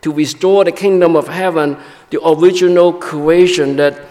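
A man preaching a sermon in a church, explaining in a halting way with frequent restarts. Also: on the high side, fairly even intonation, darkish tone. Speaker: pastor. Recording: long reverb of a large hall.

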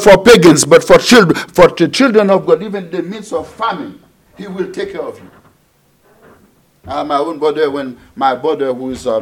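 Preaching with a fairly high pitch, this middle-aged man from Haiti repeats phrases and moves back and forth between forceful emphasis and hushed asides.

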